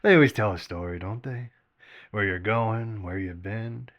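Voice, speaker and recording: A man voicing a sly, crude old barfly who smokes cigars, with a smooth yet raspy voice and a drawling, mocking way of talking. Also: fairly low pitch, moderate pace, fairly bright tone. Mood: rambling, amused. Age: older.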